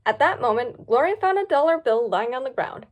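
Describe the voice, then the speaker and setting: Brief: woman, storybook narrator, high-pitched and very animated. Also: brisk. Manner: lively, expressive reading. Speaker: story reader. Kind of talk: storybook read-aloud.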